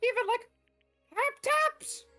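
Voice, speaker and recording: A man's voice: extremely high pitch, slow pace, sharp tone, faint music behind, voice pushed up, heavily acted. A man voicing a gleeful, sadistic male bear mascot in a mocking, sing-song way while reading game dialogue.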